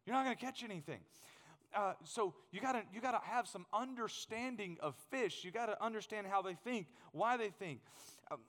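Male pastor, lively storytelling sermon, slightly high voice, long hall reverb. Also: normal speed. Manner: animated, humorous, acts out scenes.

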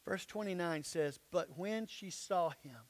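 Man, high voice, pastor, sermon, emphatic preaching, quiet asides, church. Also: a little slow. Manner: emphatic preaching, drops to soft low asides.

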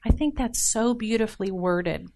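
Animated woman giving a casual sermon. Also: on the high side, moderate pace. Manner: animated, joking, asks audience for responses. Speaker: women's ministry speaker. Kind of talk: informal sermon.

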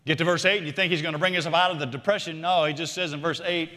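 A man preaching a sermon, animated, shifting between loud emphatic lines and quiet asides. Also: fairly high pitch, rapid-fire, few pauses, big-room sound. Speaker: pastor.

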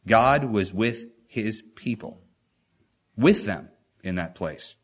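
A man's voice: on the low side, lively intonation, slow pace, slightly rough. Man preaching an emphatic sermon. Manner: emphatic, rhetorical questions, reads scripture with stretched stresses.

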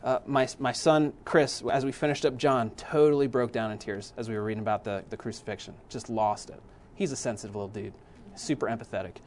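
A father giving a church talk to parents, animated and full of restarts. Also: mid-range voice, fairly quick, a little hiss or hum.

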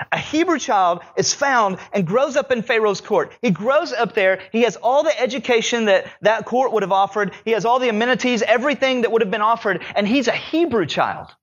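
A man with a high, light voice delivers a sermon in a loose, conversational way, dramatizing the story as he goes. The recording sounds a little muffled and dull. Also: moderate pace, fairly bright tone. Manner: conversational, dramatic retelling with acted quotes. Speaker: pastor.

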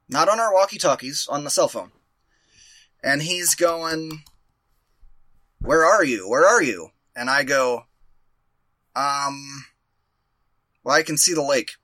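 A man with a bright, slightly high voice tells a rambling story, casual and profane, laughing at himself. The sound is dry and close, with no room around it. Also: no echo. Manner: rambling, profane, self-mocking.

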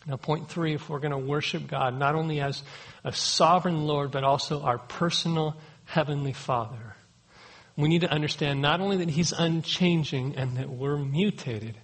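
A man's voice: on the high side, fairly bright tone, slightly rough, rough recording. A man, a pastor, preaching a sermon in an earnest, emphatic way, pleading and repeating key words.

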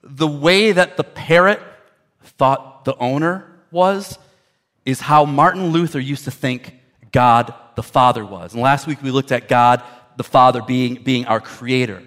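A man's voice: medium pitch, a little slow, a bit bright. A man preaching a sermon as a pastor, conversational and storytelling, often repeating words as he builds a point.

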